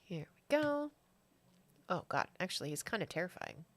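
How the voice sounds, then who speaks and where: A woman's voice: fairly low pitch, big pitch swings, moderate pace, a bit bright. A woman running a tabletop game as game master, chatty and laughing often, with many fillers.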